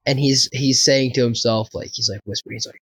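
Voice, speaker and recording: A man's voice: medium pitch, brisk, husky, dry recording, low-quality recording. A man casually telling a wild anecdote, swearing often and laughing as he goes. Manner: profane, laughing, animated anecdote. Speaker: podcast co-host. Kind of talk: casual storytelling.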